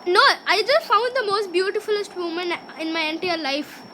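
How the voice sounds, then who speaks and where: A young female host chatting while playing a game with a friend, excitable and goofy. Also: very high voice, moderate pace, noisy background. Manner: excitable, goofy, shrieks when losing. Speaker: gaming channel host.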